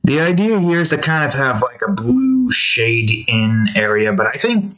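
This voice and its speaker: A man's voice: mid-range voice, sing-song, unhurried, fairly bright tone. Rambling man chatting while drawing. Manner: rambling, laughing, meandering tangents. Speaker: artist and channel host. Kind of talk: casual drawing commentary.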